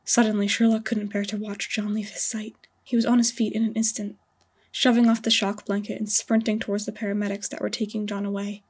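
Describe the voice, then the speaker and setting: Brief: woman, breathy dramatic fanfiction narrator, flat even delivery. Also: mid-range voice, fairly quick. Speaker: fanfiction author reading her story.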